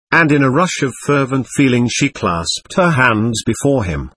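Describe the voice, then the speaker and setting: A man narrating a classic novel as an audiobook, reading in a measured, expressive way. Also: mid-range voice, breathy edge, no room sound.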